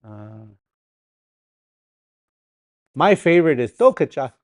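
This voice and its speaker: Teacher from Sioux Valley, lively sing-song delivery, dry close sound, paces while teaching and drills words. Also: medium pitch, slow pace, no room sound. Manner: playful, repeats words for practice, chuckles often. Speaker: Dakota language teacher. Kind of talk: live language class. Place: classroom during a livestreamed class.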